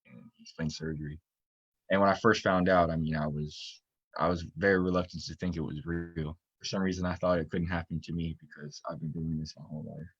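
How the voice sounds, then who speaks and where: A man's voice: low-pitched, no room sound, lo-fi sound. A young man from Florida, a student-athlete guest, telling his story earnestly in a casual interview, rambling with many fillers. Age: young adult.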